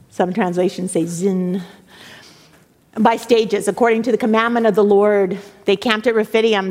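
A woman preaching a sermon, reading scripture dramatically and emphatically, with sudden hushed drops. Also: mid-range voice. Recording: long hall reverb.

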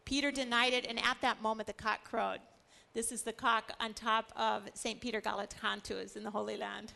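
A woman teaching a Bible study in a lively way, acting out the stories she tells. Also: fairly high pitch, moderate pace, gravelly. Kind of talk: animated scripture teaching.

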